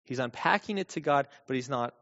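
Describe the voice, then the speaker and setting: A man's voice: mid-range voice, animated, a little fast, sharp tone. A man preaching a sermon, emphatic, often repeating key phrases for stress. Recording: long hall reverb, dull lo-fi sound.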